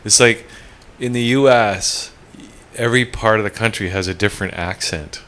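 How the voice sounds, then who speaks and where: Man, lowish bright voice, animated idea-pitcher in a casual discussion. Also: moderate pace. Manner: animated, pitching ideas, asks for agreement. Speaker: meeting participant.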